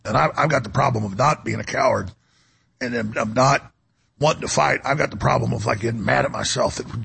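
A fifty-year-old man hosting a talk radio show, delivering a fervent, preachy monologue that swings from loud to hushed. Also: medium pitch, fairly quick, vocal fry, slight background noise.

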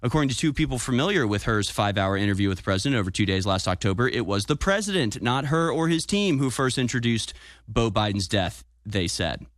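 A man's voice: medium pitch, very animated, fairly quick, no echo. Man, talk radio host, combative, sarcastic, dry studio sound. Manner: combative, sarcastic, self-congratulating. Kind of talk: political talk radio commentary.

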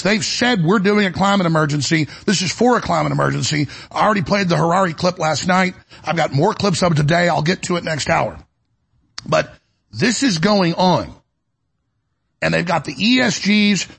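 A man hosting a talk show, delivering an urgent, fiery monologue in a raspy, gravelly voice that climbs toward a yell. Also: on the high side. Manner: urgent, rising to near-yelling. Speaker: show host.

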